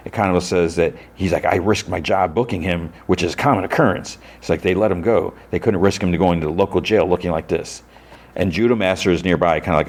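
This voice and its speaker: A man with a deep, low voice talks through a TV episode in a loose, chatty recap. He leans on "like" constantly as he strings the action together. He slips in the characters' lines as he goes. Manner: retells scenes with constant "like" and quoted lines. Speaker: podcast host.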